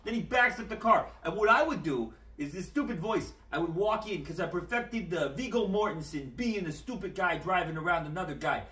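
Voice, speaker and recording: A man co-hosting a casual chat show, telling stories in an animated way and swearing freely, in a room at home. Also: sits high, brisk, few pauses, echoey room, recorded from a distance. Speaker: podcast co-host.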